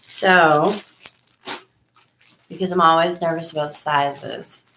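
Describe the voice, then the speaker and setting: A woman's voice: fairly even intonation, slow, a bit bright, slight background noise. Chatty New woman live-streaming. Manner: chatty and effusive, often acts out her own past lines in a higher voice. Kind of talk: casual live-stream chat. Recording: echoey room sound.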